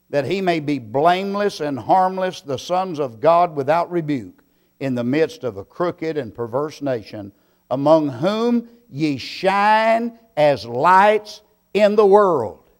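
A man preaching a sermon, slow and deliberate, swelling into loud emphatic bursts. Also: on the high side.

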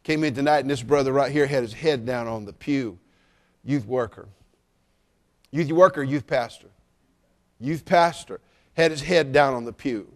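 A middle-aged man preaching at a church service, teasing the congregation with jokes and rising to loud exclamations. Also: mid-range voice, moderate pace. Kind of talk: sermon with humorous asides.

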